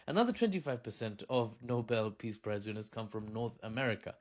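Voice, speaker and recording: A man's voice: on the low side, a little fast. A man hosting satirical political commentary in a sarcastic, mock-cheerful and self-mocking way. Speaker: commentary channel host.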